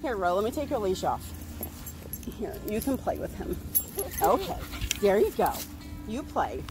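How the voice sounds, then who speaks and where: Over music and through poor audio, a woman with a mid-range voice sounds very animated yet keeps a measured pace. She's a dog owner vlogger filming her puppy in a yard, cooing, gushing, and laughing often in casual home video chat.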